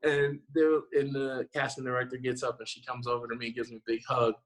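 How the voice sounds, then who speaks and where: A man in his thirties, a guest actor telling a lively story in a casual interview, acting out what people said and laughing often. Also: mid-range voice, quick pace, poor audio. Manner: animated storyteller, acts out quotes, laughs often.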